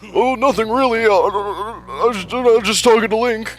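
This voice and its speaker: Dude doing a squeaky stammering girl, flustered, way up high in falsetto. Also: normal speed, faint music behind, close to an everyday voice. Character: flustered young girl, caught off guard.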